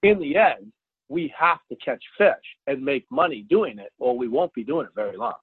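A man, a fishing charter captain, telling a story in a casual interview, animated and loud at the high points. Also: moderate pace, breathy edge, no room sound. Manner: animated, jumps to loud exclaims when retelling. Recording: dry tinny phone line.

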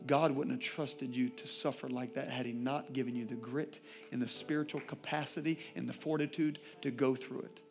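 A male pastor preaching a sermon, swinging from loud, impassioned declarations to quiet, intimate asides. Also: medium pitch, steady tone, normal speed, few pauses, faint music behind.

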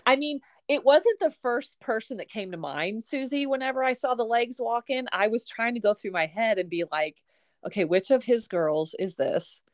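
A woman hosting a casual podcast chat, animated and laughing, acting out quotes as she talks. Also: fairly high pitch, normal speed, no echo, studio quality. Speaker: podcast host.

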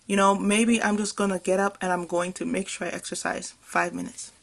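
A woman's voice: mid-range voice, level tone, fairly quick, gravelly. A woman hosting a podcast, talking alone in an earnest, passionate and self-reflective way, with many fillers and small laughs. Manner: passionate, emphatic delivery. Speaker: podcast host. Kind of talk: reflective solo podcast talk.

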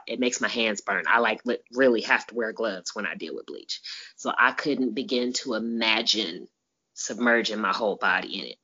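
A woman's voice: extremely low pitch, normal speed, pushed and bright, dull audio. A woman hosting a podcast in casual chat, emphatic and exasperated, often laughing. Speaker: podcast host.

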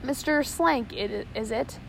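A ruthless pirate captain, as a woman reads him in a storybook, barking short, commanding orders. His voice sits fairly high and light for a seafaring man. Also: slow pace, gravelly, a little hiss or hum, low-quality recording. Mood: threatening.

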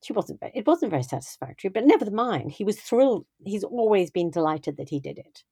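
Warm older woman telling stories thoughtfully. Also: medium pitch, very animated, brisk, breathy edge, dry recording, clean studio sound. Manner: thoughtful, with frequent restarts and "you know". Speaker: guest speaking on parenting. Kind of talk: reflective conversational storytelling.

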